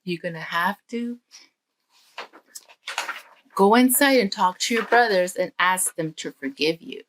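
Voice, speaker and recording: Woman playing a gentle patient dad, calm and explaining, kids' story voice. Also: lowish voice, a little slow, a little hiss or hum, close to an everyday voice. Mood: firm.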